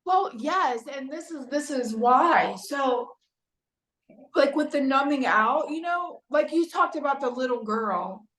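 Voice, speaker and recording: A woman's voice: sits high, animated, measured pace, fairly bright tone. A woman speaking as an interview guest about recovery, in a casual, chatty way full of "like" and "you know". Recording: roomy, echoey room.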